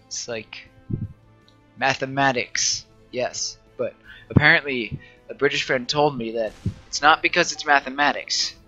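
A man's voice: mid-range voice, unhurried, sharp tone, muffled recording, faint music behind. A man giving rambling, self-deprecating let's play commentary, often talking to himself. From United States. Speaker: gaming channel host.

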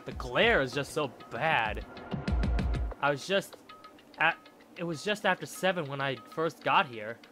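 A man's voice: a little high, animated, measured pace, long pauses. A man reading a game's dialogue aloud as a nervous teenage schoolboy, in an uneasy inner-monologue manner, over game music. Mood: puzzled. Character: nervous teenage boy, new student.

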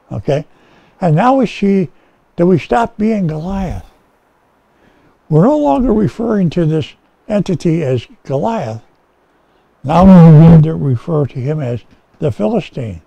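Guy preaching casual bible study, keeps asking okay?, mellow tone, dry close sound. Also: a little high, gravelly, no room sound, rough recording. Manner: folksy and conversational, asks "okay?" often, many restarts. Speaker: pastor. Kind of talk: informal Bible-teaching sermon. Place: rescue mission chapel.

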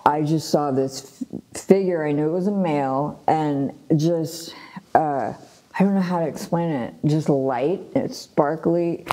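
A middle-aged woman from Los Angeles, a guest telling her life story in a casual, animated way, with frequent laughs, fillers and restarts. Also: deep voice. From Los Angeles, USA. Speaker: guest sharing her testimony.

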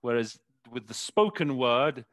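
A man's voice: mid-range voice, expressive, a little slow, a bit bright, no echo. A man who works as an interpreter, talking casually in an interview and often stopping to search for words with many fillers. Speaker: interpreter guest. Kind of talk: conversational interview.

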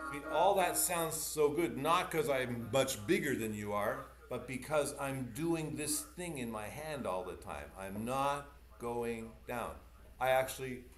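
A man teaching piano in an online masterclass. He is animated and encouraging, demonstrating as he goes and giving quick corrections. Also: mid-range voice. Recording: echoey room with piano playing.

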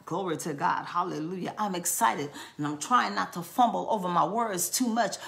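A woman's voice: on the low side, moderate pace, gravelly, few pauses, fairly bright tone. A woman preaching a charismatic sermon, fervent and repetitive, breaking into tongues.

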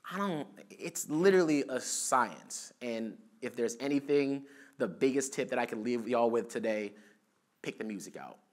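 A man's voice: mid-range voice, animated, normal speed. A young man presenting a casual, chatty talk at an event, with a lot of fillers. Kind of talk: conference talk. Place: event stage.

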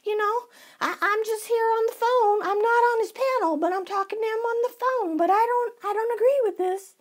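Woman mocking a shrill whiny lady. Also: moderate pace. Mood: whiny protest. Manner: shrill, protesting innocence. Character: whiny defensive woman being mocked.

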